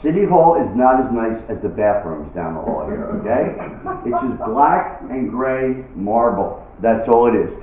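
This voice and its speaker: A man's voice: mid-range voice, very animated, moderate pace. A man doing live stand-up, telling stories in a chatty, punchy way and acting out the scenes. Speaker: stand-up comedian. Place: live venue with an audience. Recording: echoey venue, distant phone-like mic.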